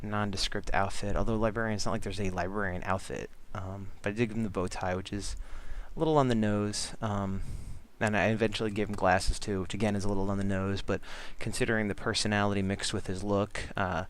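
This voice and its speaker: A man's voice: lowish voice, fairly even intonation, fairly quick, few pauses. Rambling man chatting over his drawing. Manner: rambling, many fillers and restarts. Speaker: comic artist vlogger. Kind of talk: casual chat over drawing.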